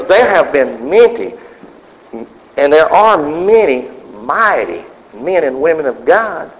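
A male pastor preaching a sermon, swinging from loud declarations to hushed whispers. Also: a little high. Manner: preaching with sudden drops to a whisper. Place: church sanctuary. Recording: dull sound with long hall reverb.

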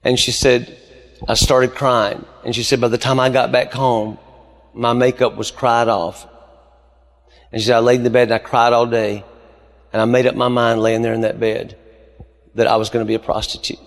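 A man's voice: medium pitch, level tone, moderate pace, long pauses. A man, preaching a sermon as pastor and telling stories with rising emphasis. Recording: long hall reverb.

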